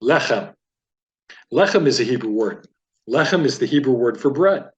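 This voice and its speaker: A man teaching a Biblical Hebrew reading lesson, patiently sounding out each word and then explaining it at a relaxed teaching pace. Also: medium pitch, lo-fi sound. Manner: patient, explanatory, repeats words slowly for learners.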